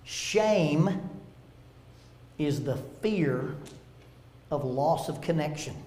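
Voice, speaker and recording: A man's voice: fairly high pitch, extremely slow. Man teaching in a roomy church. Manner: animated storytelling with humor, acting out quotes. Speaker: seminar speaker. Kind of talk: church seminar talk. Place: church meeting room.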